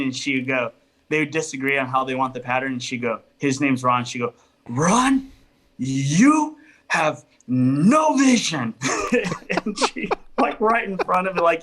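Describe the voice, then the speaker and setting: A man with a somewhat high voice swaps stories about work in a casual podcast chat. He is an animated storyteller who laughs often. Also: low-quality recording. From California, US. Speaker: flooring business owner, podcast guest.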